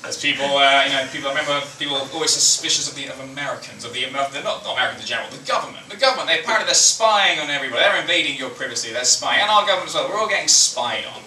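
A man's voice: on the high side, rapid-fire, hardly any pauses, sharp tone, slight background noise. A man doing a rambling, self-mocking stand-up comedy set, slipping into silly voices. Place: comedy club stage. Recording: echoey club recorded from a distance. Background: audience laughter.

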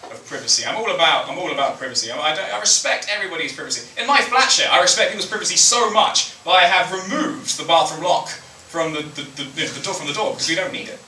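Rambling stand-up comedian, echoey club. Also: male voice, a little high, animated, fast talker, pushed and bright, a little hiss or hum. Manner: rambling, self-mocking, playful, with silly put-on voices. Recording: echoey club recorded from a distance. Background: audience laughter.

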